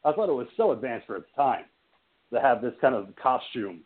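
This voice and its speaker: A man's voice: medium pitch, sing-song, brisk. A man co-hosting a horror movie podcast, talking casually and enthusiastically, rambling and laughing often. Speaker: podcast co-host. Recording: tinny phone-like audio.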